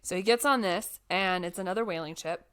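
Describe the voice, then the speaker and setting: A young woman telling a life story in a casual, animated chat, full of fillers. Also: lowish voice, brisk, smooth.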